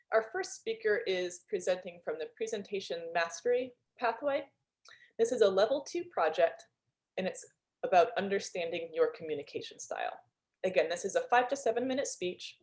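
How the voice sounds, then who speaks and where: A woman leading an online club meeting as toastmaster, chatty and upbeat, talking over a video call. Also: medium pitch. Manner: chatty, upbeat, with fillers and laughs.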